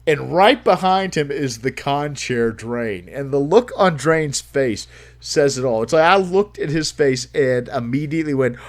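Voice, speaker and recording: Higher-voiced man telling a wild story. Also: measured pace. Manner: animated, swears freely, laughs while telling. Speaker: livestream host. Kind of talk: casual storytelling, profane.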